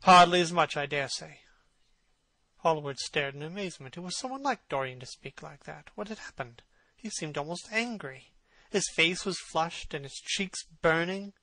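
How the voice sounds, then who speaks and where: A man narrating a classic novel as an audiobook, in a measured, expressive way. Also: fairly high pitch, no room sound, rough recording. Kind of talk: reading a classic novel aloud.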